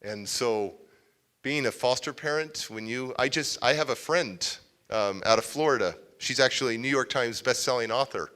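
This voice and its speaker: A man giving a motivational talk in a large hall, telling a story in an animated way. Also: medium pitch, moderate pace. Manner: animated, acts out scenes. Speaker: motivational speaker. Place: large civic center hall, live audience.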